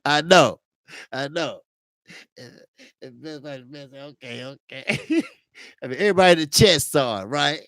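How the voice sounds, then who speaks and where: A man's voice: on the high side, lively intonation, fairly bright tone, no room sound, clean studio sound. A man hosting a casual boxing talk livestream, telling a funny story with slang, laughing often and tagging lines with "man". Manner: drawn-out, repeats "man". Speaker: host of a boxing talk stream.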